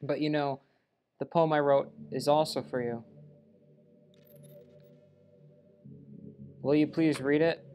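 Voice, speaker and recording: A man's voice: a little high, fairly even intonation, moderate pace, a little mellow, soft background music, close to an everyday voice. A man playing through a game and reading a lovestruck young woman character's lines aloud in his own voice, with small stumbles along the way. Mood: sweet. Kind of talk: let's play reading game dialogue aloud.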